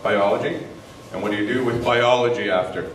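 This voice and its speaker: A man doing live stand-up, teasing the audience with quick, mocking banter. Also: lowish voice, steady tone, distant mic. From Canada. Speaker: stand-up comedian. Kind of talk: live stand-up crowd work. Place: comedy club stage. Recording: echoey live club with crowd noise. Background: audience laughter.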